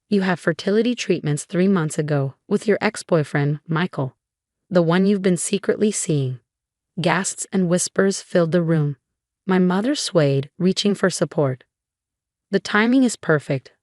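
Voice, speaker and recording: A woman reading a scripted first-person story in an even, measured way. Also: lowish voice, dry recording, clean studio sound.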